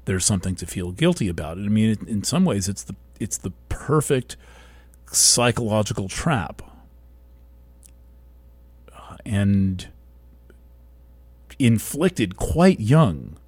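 A man with a lowish voice speaks slowly and thoughtfully, pausing and restarting as he works through his ideas. He sounds like the host of a weekly talk show. The recording is close and dry, with no room echo. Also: sing-song, darkish tone, slightly rough. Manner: slow, thoughtful, halting with restarts. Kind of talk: reflective monologue.

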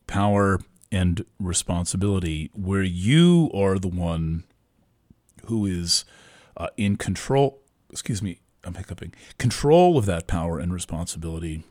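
A male astrologer talks through a reading in a very low voice, stopping and restarting often as he searches for words. The sound is dry and close, with no room echo. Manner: halting, many restarts and fillers.

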